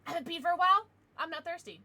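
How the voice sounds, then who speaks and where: A woman's voice: very high voice, very fast, bright, forceful tone. A woman livestreaming, chatting casually with her viewers in a bubbly, giggly way with playful baby-talk asides.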